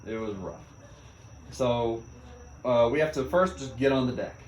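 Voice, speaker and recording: Young sailor telling an animated story. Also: male voice, medium pitch, unhurried. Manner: animated, laughs often, acts out quoted shouts. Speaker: Navy sailor recounting a deployment. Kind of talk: casual spoken storytelling. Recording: echoey room.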